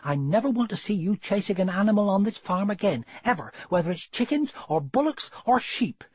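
A man's voice: high-pitched, very animated, brisk, a little mellow, breathy edge, no room sound, pitched above the performer's own voice, heavily acted. A man doing a stern mother sheepdog. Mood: angry. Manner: scolding, firm. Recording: dull, dry lo-fi recording.

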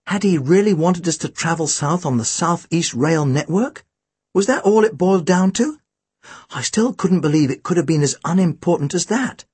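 Brief: expressive first-person narrator for a storybook, breathy, very animated. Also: medium pitch, moderate pace, dry recording. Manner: lively, expressive reading. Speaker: audiobook narrator.

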